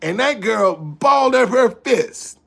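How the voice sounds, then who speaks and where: A man who works as a tour guide, telling stories to the camera in a casual, animated way and often repeating or restarting his phrases. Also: extremely high pitch, slow, creaky.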